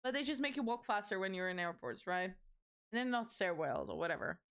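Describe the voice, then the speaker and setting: A woman's voice: medium pitch, expressive, a little fast, smooth. A young adult woman streamer chatting casually on a livestream, rambling through stories and swearing freely.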